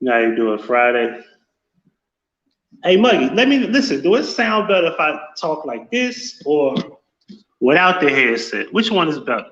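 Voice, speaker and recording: Brief: male streamer, casual and profane, slightly high voice, roomy lo-fi sound. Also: sing-song, a little slow, fairly bright tone. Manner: profane, loose and talkative, greeting chat viewers. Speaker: live-stream host. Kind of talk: casual live-stream chat. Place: home office. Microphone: without headset, room mic. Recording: echoey room, dull lo-fi sound.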